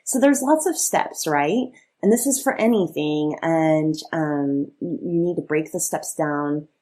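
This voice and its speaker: A woman in her thirties co-hosts a podcast in relaxed, chatty conversation. Her voice sits low and a little husky. She talks loosely, with plenty of fillers and easy laughter. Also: a little slow. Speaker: podcast co-host. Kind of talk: casual chat.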